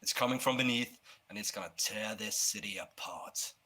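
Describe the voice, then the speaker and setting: Bright-toned man playing his character. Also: lowish voice, normal speed. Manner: calm, steady, in-character talk. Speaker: player. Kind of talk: tabletop role-play.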